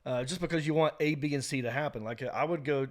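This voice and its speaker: A man from North Carolina with a North Carolina accent, a guest comedian in a casual podcast chat, telling lively stories and acting out the voices of people he quotes. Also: a little high, fast talker. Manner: animated storyteller who acts out quoted voices.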